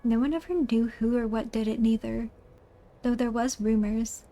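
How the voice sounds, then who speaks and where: A woman voicing a boastful male thief who talks in rough, folksy slang. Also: on the high side, steady tone, normal speed, mellow, close to an everyday voice. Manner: ungrammatical folksy thief talk.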